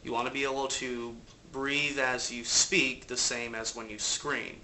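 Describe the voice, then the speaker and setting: A man's voice: mid-range voice, fairly even intonation, unhurried, bright, forceful tone, slight background noise. A man with a cold, casually explaining vocal technique from his apartment in a loose, rambling way. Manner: loose, rambling explanations with fillers and occasional swearing. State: has a cold. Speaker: vocal coach. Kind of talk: casual instructional talk.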